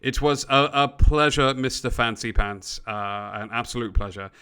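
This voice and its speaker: A man voicing a prim, older British gentleman who walks with a cane, speaking with a British accent in a dry, haughty way. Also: medium pitch, moderate pace, clear, resonant tone, natural voice.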